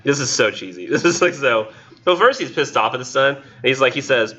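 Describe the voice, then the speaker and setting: Guy teaching a class, rambly and chatty, bright voice, kinda muffled recording. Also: medium pitch, expressive, brisk. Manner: chatty and rambling, with many fillers. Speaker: instructor. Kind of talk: casual classroom lecture.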